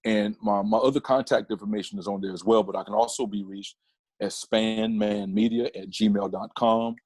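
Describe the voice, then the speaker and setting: A man talking as a podcast guest, his voice husky and his delivery animated, often restarting mid-sentence. The sound is close and dry, with no room around it. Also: fairly low pitch, moderate pace, no echo. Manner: animated storyteller with many restarts. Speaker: podcast guest, comedian and photographer. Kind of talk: casual interview chat.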